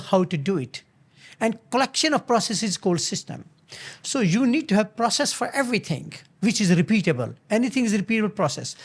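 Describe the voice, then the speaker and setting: An older man hosting his own show, giving earnest, motivational business advice in a halting way, often restarting and repeating words. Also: high voice. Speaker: business founder and show host.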